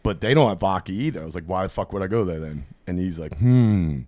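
Male podcast host, lowish voice, dry close mic, swearing storyteller who acts out the people he quotes. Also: fast talker, no echo. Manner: profane, animated anecdote-telling, acts out quoted people. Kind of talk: casual storytelling chat.

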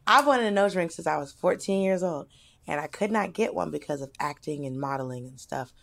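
A woman chats casually on a podcast and tells a story with lively expression. Her voice moves up and down as she talks. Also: low-pitched, fairly quick, creaky. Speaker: podcast co-host.

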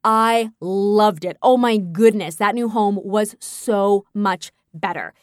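A young adult woman hosting her own show, telling personal stories in a candid, animated way and acting out her own past thoughts. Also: medium pitch, takes it slowly, no room sound, studio quality. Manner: candid, animated storytelling with quoted inner thoughts. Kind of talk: casual personal monologue.

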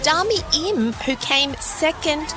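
A woman hosting a radio show, chatting in a playful, quick-witted way and bantering with her co-host. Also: sits high, lively intonation, loud music behind the voice.

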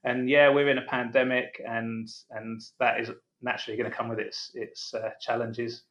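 A man's voice: mid-range voice, little pitch movement, normal speed, a bit bright, dull audio. Forty-something male guest, friendly, stumbles and repeats words, mid-range voice. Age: 40s. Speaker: guest, business founder. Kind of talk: casual interview.

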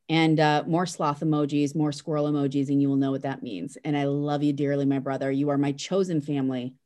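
A woman's voice: low voice, a little mellow. A woman giving an emotional, affectionate birthday message to a friend.

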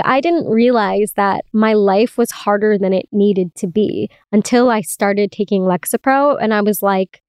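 Candid chatty woman podcaster, smooth voice. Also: on the high side, a little mellow, dry recording, clean studio sound. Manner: chatty, candid, laughs often, swears. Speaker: podcast host. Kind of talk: casual solo podcast monologue.

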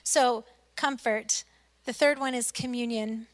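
A middle-aged woman pastor preaching a sermon, telling a personal story earnestly, swinging between loud emphasis and soft, hushed lines. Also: fairly high pitch, steady tone, takes it slowly.

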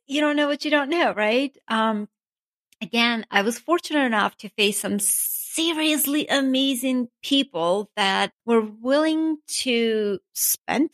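A woman's voice: a little high, fairly bright tone, no echo. Chatty woman. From Armenia. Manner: chatty, many asides like "you know" and "right?", laughs at herself. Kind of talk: casual storytelling.

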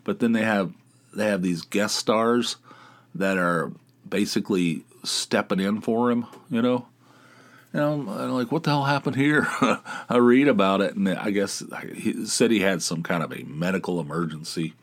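A man's voice: sits low, moderate pace. Rambling, swearing middle-aged man. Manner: rambling, wry, swears freely. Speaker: podcast host. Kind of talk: casual solo podcast chat.

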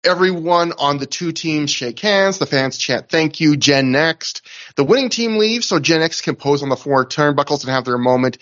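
A man's voice: a little high, lively intonation, moderate pace, few pauses, fairly bright tone. Chatty man with lo-fi sound. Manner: chatty, recounting with asides and laughs. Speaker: podcast host. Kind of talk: casual recap chat.

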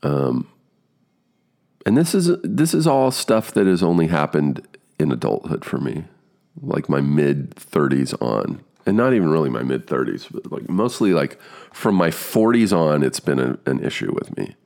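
A man's voice: rumbling low, sing-song, moderate pace, creaky, darkish tone. A man in his fifties telling a casual story about an audition, swearing freely and acting out his own stumbles. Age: 50s.

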